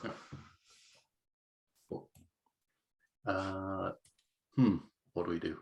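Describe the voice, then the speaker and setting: A man's voice: deep voice, steady tone, extremely slow, creaky, a little mellow, lo-fi sound. A man playing a tabletop role-playing game, asking about the rules and declaring his character's actions. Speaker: player. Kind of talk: casual tabletop play.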